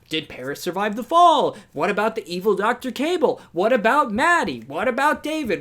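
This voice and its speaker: A young adult movie reviewer giving a ranting, sarcastic video review, firing off rhetorical questions with animated exasperation. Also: mid-range voice.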